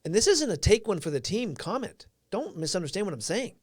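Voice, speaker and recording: A man's voice: high voice, sing-song, a little fast, dry recording, studio quality. A man whose first language is Portuguese, hosting a live stream and giving an earnest, reflective motivational talk while answering viewers' comments.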